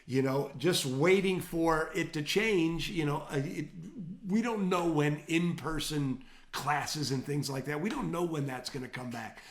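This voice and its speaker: A man with a Michigan accent co-hosting a retail training webinar, giving advice in an energetic, coaching tone. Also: a little high, a little slow, hardly any pauses, reverberant. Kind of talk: casual webinar talk.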